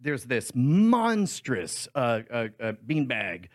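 A man's voice: mid-range voice, wildly swooping pitch, slow pace. A man in his thirties co-hosting a casual podcast, telling a rambling family story with many fillers and laughs. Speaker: podcast co-host. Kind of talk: casual chat.

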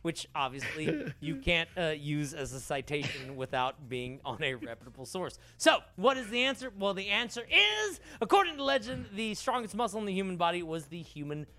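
A man's voice: on the high side, sing-song, brisk, few pauses, bright, forceful tone. A young man hosting a casual trivia show, reading questions aloud and riffing playfully on the answers. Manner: playful, reads questions then riffs. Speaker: trivia host.

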